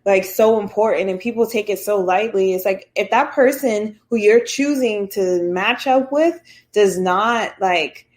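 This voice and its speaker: A woman's voice: mid-range voice, unhurried, a little mellow. A woman co-hosting a casual talk podcast, giving advice and explaining with everyday comparisons. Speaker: podcast co-host. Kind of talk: casual chat.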